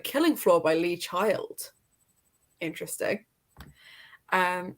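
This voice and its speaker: A British woman hosts a casual livestream, talking at an everyday pitch. She reads out viewers' messages and laughs freely between them. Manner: chatty, laughs often between thoughts. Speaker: livestream host. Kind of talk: casual chat, reading chat comments aloud.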